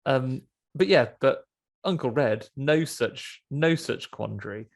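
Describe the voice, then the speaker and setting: A man's voice: mid-range voice, takes it slowly, vocal fry. Male podcast host, mid-range voice, rambling, sweary, acts out bits. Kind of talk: casual film chat.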